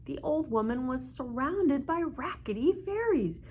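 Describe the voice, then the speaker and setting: A woman librarian reading a children's story aloud with playful, expressive sound words. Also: sits high, unhurried, slight background noise.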